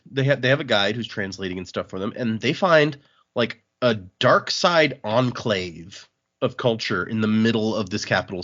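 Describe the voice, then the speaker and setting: A man's voice: on the low side, a bit bright. A man co-hosting a casual podcast, recapping a graphic novel and acting out characters' lines as he goes. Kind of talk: casual chat. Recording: dull lo-fi podcast audio.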